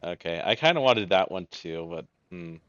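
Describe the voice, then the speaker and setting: Chatty self-deprecating man, low voice. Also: animated, normal speed, a bit bright, clear, resonant tone, dry recording, highs cut off. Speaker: let's-play host. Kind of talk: casual game commentary.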